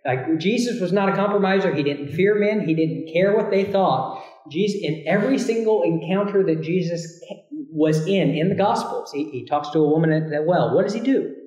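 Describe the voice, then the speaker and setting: A man's voice: sits high, moderate pace, a little mellow. Emphatic male preacher in an echoey room. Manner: emphatic, rises sharply when quoting scripture, many restarts. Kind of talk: sermon.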